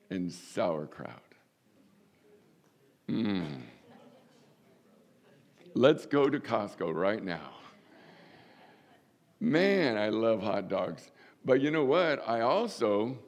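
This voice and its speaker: An older man preaching a sermon as pastor, folksy and humorous, with sudden lifts in pitch for emphasis.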